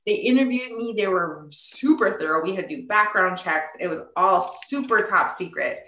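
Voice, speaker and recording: Animated woman storyteller in a roomy room. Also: medium pitch, moderate pace. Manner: animated, laughing, acts out quotes. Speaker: tribal entrepreneur guest. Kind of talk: casual storytelling interview.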